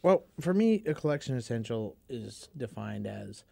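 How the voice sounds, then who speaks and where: A man's voice: medium pitch, very animated, moderate pace, vocal fry, dark tone, no echo. Laid-back wry man on a podcast. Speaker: podcast panelist. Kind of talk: casual chat.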